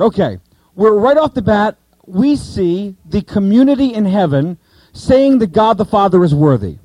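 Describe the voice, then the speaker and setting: A man teaching a Bible study to a group, asking the listeners questions and repeating key points slowly. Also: high-pitched, lively intonation, dark tone, no echo, low-quality recording.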